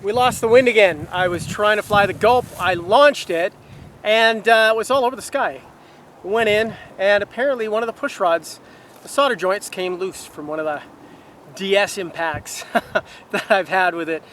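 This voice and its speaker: A man's voice: high-pitched, moderate pace, a bit bright. A man casually explaining his hobby outdoors on a hilltop, talking step by step with plenty of fillers. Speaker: RC glider pilot and vlogger. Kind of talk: casual outdoor vlog with tips. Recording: wind noise on an outdoor camera mic.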